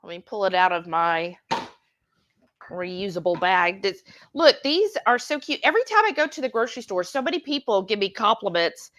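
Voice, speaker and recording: Bright-voiced excitable woman. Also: mid-range voice, normal speed, slight background noise. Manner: excitable and chatty, teasing banter. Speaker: cooking livestream co-host. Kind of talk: casual livestream cooking chat. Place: home kitchen.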